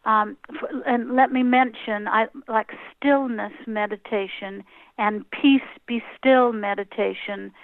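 A woman interviewed as a guest, gently and slowly talking a listener through a breathing meditation. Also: on the high side, steady tone, dry recording. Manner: gentle, slow guidance with soft pauses. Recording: tinny phone-like line, dry.

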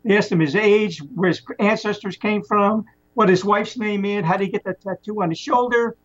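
Guy with a high voice telling a long story, chatty, kinda muffled lo-fi sound. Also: normal speed. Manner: rambling, animated retelling with restarts. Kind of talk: casual storytelling. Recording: muffled lo-fi recording.

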